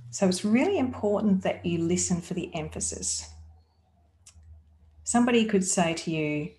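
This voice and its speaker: Aussie woman coaching, lowish voice, leans on words and asks lots of questions, echoey room. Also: animated, moderate pace, pauses often, a little mellow. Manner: emphatic, coaxing, asks rhetorical questions. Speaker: business coach. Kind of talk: teaching talk. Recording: roomy echo.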